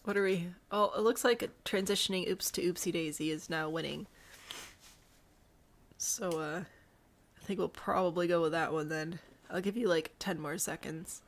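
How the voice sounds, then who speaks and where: A woman's voice: on the low side, moderate pace. A woman with a Midwestern accent, casually commenting on a life-sim game for live viewers and cracking jokes as she plays. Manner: playful, jokey, chatting with live viewers. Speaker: let's play streamer.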